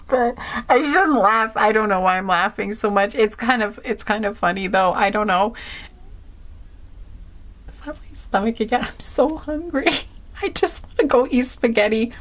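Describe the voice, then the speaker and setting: A woman giving a casual pick-a-card reading, rambling and giggling, with "like" in nearly every phrase. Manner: rambling, says 'like' constantly, giggly; acts out quoted reactions in a higher pitch. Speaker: tarot card reader.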